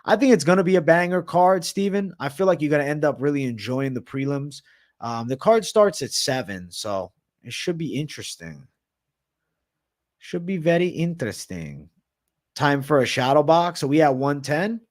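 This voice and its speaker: A man's voice: fairly high pitch, lively intonation, moderate pace. A man hosting a livestream, casually answering chat with slang and frequent swearing. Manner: profane, slangy, reads and answers chat comments.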